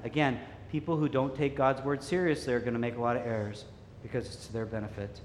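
A man preaching a sermon, earnest and animated, telling stories and urging listeners to keep growing. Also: mid-range voice, fast, a little hiss or hum. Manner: earnest, animated storytelling, laughs easily. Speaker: pastor. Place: church sanctuary. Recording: echoey hall with faint ambience.

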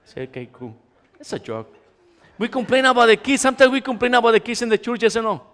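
A Latin American man with an extremely high voice talks fast as he preaches a humorous church sermon. He's animated and jokey, acting out complainers and weaving in Spanish, his voice echoing through the reverberant hall.

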